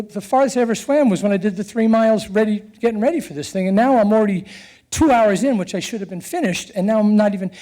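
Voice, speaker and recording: Middle-aged man, earnest storyteller; high pitch, warm mellow tone, animated. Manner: earnest and animated, with chuckles and halting restarts. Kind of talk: personal storytelling.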